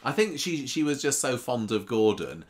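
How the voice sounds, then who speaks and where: A man's voice: medium pitch, big pitch swings, normal speed, a loud crowd. A man co-hosting a podcast, chatting casually and recounting soap opera storylines with asides. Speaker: podcast co-host.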